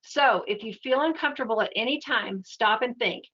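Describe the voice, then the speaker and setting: A woman giving an educational webinar talk in a steady, explanatory, conversational way. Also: fairly high pitch, moderate pace, slightly rough, muffled recording. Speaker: webinar presenter.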